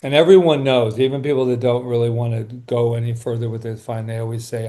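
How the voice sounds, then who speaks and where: Male guest, reflective workshop leader type, warm mellow voice, earnest and soft. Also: medium pitch, level tone. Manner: earnest, soft-spoken, often slowing and quieting. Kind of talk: reflective interview talk.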